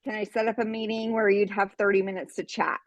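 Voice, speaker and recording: A woman in her forties tells a long story on a video call, talking in quick bursts. She is a little out of breath. Her voice has a middle pitch and a dry, close sound. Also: little pitch movement, no room sound, muffled recording. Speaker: team member sharing tips. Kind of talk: casual video call chat.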